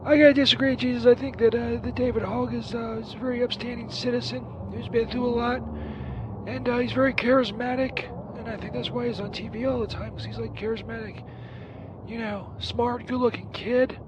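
A man's voice: very high-pitched, steady tone, a little fast, lo-fi sound, noisy background. A man voicing a crude, burned-out Saint Peter who rambles profanely through a comedic voicemail. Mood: rambling. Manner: rambling, profane, distracted, lots of fillers.

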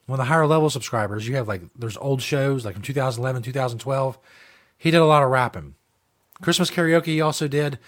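A man's voice: mid-range voice, fairly bright tone. A man hosting a talk show, ranting bluntly and combatively with heavy profanity. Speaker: host. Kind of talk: opinionated talk show rant.

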